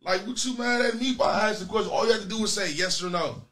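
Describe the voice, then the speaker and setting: Man, comedy call-in host, loud and profane, teasing callers, fairly high voice. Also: quick pace. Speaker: comedy show host taking calls. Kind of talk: crude joking banter with callers.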